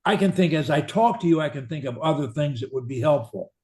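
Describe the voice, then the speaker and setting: A man coaching a client in a speech therapy session, blunt and pushy, demonstrating high, low and soft voices. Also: expressive, a little fast, roomy sound.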